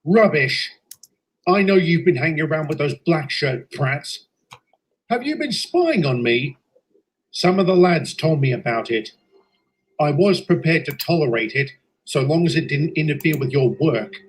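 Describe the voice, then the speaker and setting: A tough station master with a firm, clipped way of speaking, voiced by a man. His delivery is slow and his pitch moves around a lot, in a homemade storybook drama. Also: lively intonation, slightly rough, poor audio. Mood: stern. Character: stern male station master, proud and tough.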